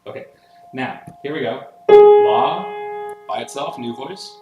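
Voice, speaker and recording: A male music theory teacher lectures with eager enthusiasm, walking through each passage step by step and often checking in with his listeners. His mid-pitched voice rings out in a roomy, echoing space. A piano plays clearly behind him. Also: normal speed, dull audio. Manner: explains step by step with solfege and frequent "right?" checks; energetic and enthusiastic about the music. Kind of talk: classroom analysis lecture. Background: piano playing.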